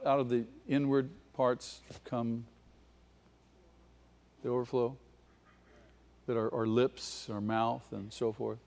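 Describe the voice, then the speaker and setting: A man preaching a sermon with passion, his voice swelling to near-shouts at its peaks. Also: medium pitch. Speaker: pastor. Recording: long hall reverb.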